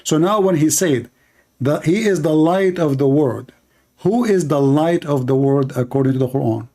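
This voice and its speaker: Man, Arabic accent, higher-pitched voice, combative, mocking, interrupting, heated live debate. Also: moderate pace, mellow. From Middle East. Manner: combative, mocking, interrupts, repeats the question insistently. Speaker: debate host.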